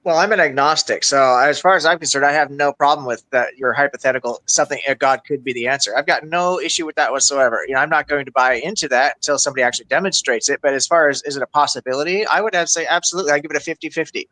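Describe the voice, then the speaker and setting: A man taking part in a debate, speaking in a quick, blunt, conversational way. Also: a little high, sharp tone, no echo, rough recording. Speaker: debate participant.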